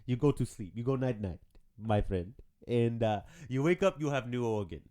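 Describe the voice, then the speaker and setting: A man's voice: mid-range voice, expressive, normal speed, dark tone, voice pushed down, close to an everyday voice. A man voicing a pushy, overly friendly scammer doctor as a comic impression. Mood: wheedling. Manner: coaxing, repeats "my friend".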